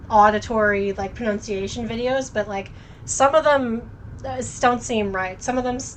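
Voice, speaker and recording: Woman streamer chatting thru a story game, trips on names n fixes them, mid pitch. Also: fairly bright tone, slight background noise, rough recording. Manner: chatty, self-correcting, stumbles over names. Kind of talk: casual let's-play commentary and reading.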